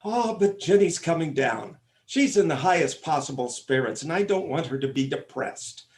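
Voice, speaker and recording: Guy doing a fussy pompous dad, bit high, voice swoops all over. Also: lively intonation, moderate pace, darkish tone, close to an everyday voice. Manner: pompous, fussing. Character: fussy pompous father of the bride. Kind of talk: stage comic opera acting.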